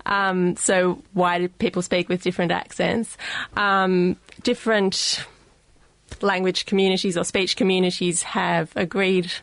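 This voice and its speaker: An Australian woman talks through ideas on a radio science show, pausing often with ums. Her voice sits low for a woman and sounds close and dry in the studio. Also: little pitch movement, dry recording. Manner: explanatory, frequent ums. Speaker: guest linguist.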